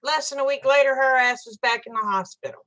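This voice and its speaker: Older woman with a fairly high voice. She talks to her livestream viewers in a blunt, fired-up way and swears freely as she chats. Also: fairly quick, bright, forceful tone. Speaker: livestream host. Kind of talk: casual livestream chat with viewers.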